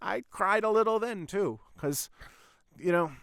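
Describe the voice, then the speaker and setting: With a high, fairly bright, smooth voice touched by vocal fry, a podcast host speaks a little slowly through a long personal story. The casual monologue rambles, laced with swearing and "I was like" retellings. It's studio quality, with no echo.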